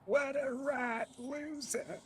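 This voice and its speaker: A man putting on the voice of a frail elderly gamer, with a slow, creaky drawl. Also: extremely high pitch, fairly even intonation, very noisy, voice pushed up. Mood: mocking. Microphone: desk microphone.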